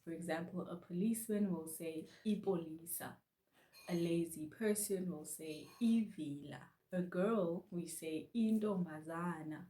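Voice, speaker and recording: Lady teaching a language lesson, slow and patient, repeats stuff, lowish voice, echoey room. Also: fairly even intonation, warm tone.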